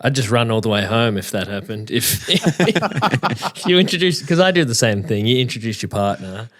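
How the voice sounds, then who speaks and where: A man's voice: medium pitch, sing-song, moderate pace, fairly bright tone. A man in a casual chat, joking and spinning exaggerated comic tales. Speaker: podcast co-host.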